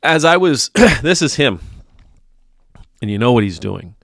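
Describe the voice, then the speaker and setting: A man's voice: mid-range voice, very animated, a little slow, vocal fry, a bit bright, dry recording, clean studio sound. A man, a priest, giving casual spoken commentary in a wry, teasing, conversational way.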